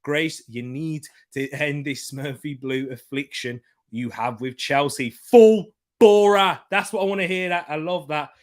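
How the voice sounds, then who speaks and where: A young man hosting a live football watchalong, chatting casually with lots of slang and shout-outs as he reads viewer comments. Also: fairly high pitch, normal speed. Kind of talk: live-stream chat, reading viewer comments.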